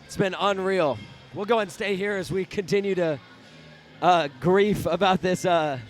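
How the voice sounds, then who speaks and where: A young man doing live play-by-play for a high school basketball game, often shouting in outrage at the referees. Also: normal speed, soft background music. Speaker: student play-by-play commentator.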